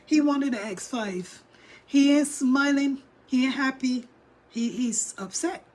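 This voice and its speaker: A woman's voice: high voice, unhurried, darkish tone. A woman vlogger chatting casually to her viewers and reading out their chat as she reacts to a video. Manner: chatty, talks straight to viewers and reads chat. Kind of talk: casual livestream commentary.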